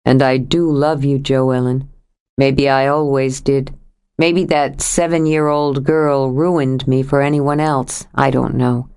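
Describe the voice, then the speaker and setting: A woman voicing a troubled grown man who speaks in a low, steady, earnest way as he confesses to his lover in an audiobook. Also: clear, resonant tone. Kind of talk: audiobook character voice.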